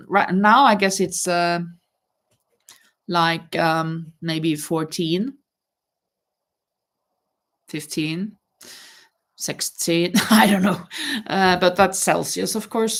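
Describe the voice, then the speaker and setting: A woman with a fairly low voice chats to her viewers during a knitting livestream. She talks slowly and rambles, stopping to restart words and wandering between thoughts as she works. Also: creaky. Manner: chatty, addresses viewers directly. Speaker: livestream host. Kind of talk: casual livestream chat while knitting.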